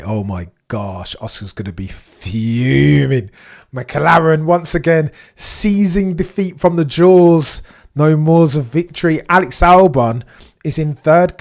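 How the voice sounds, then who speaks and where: A young man hosting a live race watchalong, chatting excitedly to his viewers and reacting with slang. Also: on the high side. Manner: excitable, chatty, British slang, talks to chat. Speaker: livestream host.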